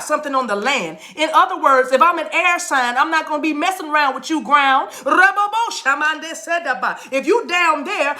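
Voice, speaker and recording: A middle-aged woman talks loosely to her livestream chat as a spiritual reader. Her voice sits high and sounds bright and forceful. She laughs often and slips into chanted, tongue-like phrases. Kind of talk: casual livestream talk to chat viewers.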